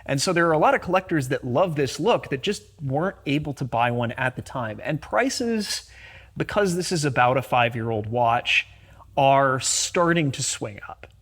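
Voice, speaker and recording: A man speaking as a guest specialist, giving measured, knowledgeable explanations in a casual conversation. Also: mid-range voice, a bit bright.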